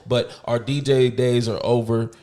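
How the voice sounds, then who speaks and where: A man's voice: medium pitch, level tone, measured pace, dark tone. A young adult man co-hosting a casual podcast in a new studio with some echo, talking in a laid-back, slangy way straight to his listeners. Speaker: podcast co-host.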